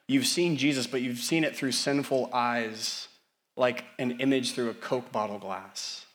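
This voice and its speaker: A young adult man, a pastor, preaching a sermon with swings between loud, rising calls to the congregation and quiet, tender passages. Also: medium pitch.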